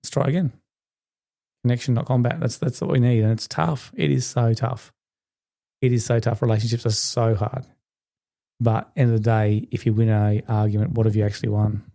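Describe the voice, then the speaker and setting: A man's voice: mid-range voice, flat delivery, brisk, vocal fry, warm tone. A man hosting a podcast, giving earnest self-help advice in a conversational way with many fillers. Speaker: podcast host.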